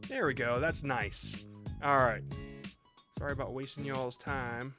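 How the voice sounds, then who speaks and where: A man's voice: medium pitch, fairly even intonation, measured pace, music in the background. A man hosting a live stream where he reviews viewers' short videos, talking casually and reassuringly while he rambles and thinks aloud.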